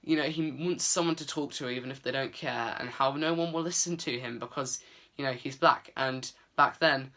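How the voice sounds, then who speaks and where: A man's voice: mid-range voice, moderate pace, pushed and bright. A man giving a casual, earnest book review vlog, chatty with many fillers.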